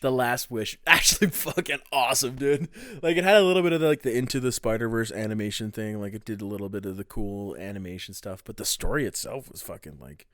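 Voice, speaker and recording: Bright-voiced laid-back male podcast host. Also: fairly low pitch, quick pace, no echo, clean studio sound. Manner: laid-back, swears often, laughs between lines. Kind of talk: casual chat.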